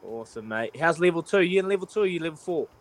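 A man's voice: a little high, expressive, very fast. A man hosting a breakfast radio quiz, cheery and matey as he counts down the answers.

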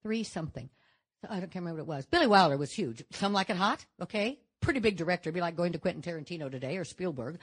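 An older woman from Nevada, a guest answering audience questions on a stage, telling stories in a chatty, animated way. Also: fairly low pitch, fast talker. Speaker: panel guest actress. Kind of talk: audience Q&A chat.

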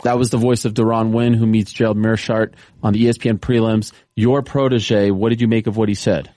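A man hosting a sports radio show, keeping the talk moving with brisk promotional patter. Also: on the low side, level tone, dark tone, no echo.

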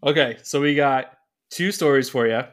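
A man's voice: mid-range voice, moderate pace, soft background music. A man hosting a podcast in casual chat, loose and rambling with many fillers. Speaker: podcast host.

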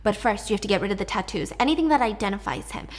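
A woman voicing a cold, scheming young woman captive who speaks in a calm, hushed, coaxing way while retelling a story. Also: medium pitch, racing, natural voice.

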